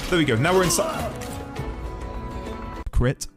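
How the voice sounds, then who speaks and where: A male game streamer reacting excitably to gameplay, exclaiming often. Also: on the high side, unhurried, music in the background.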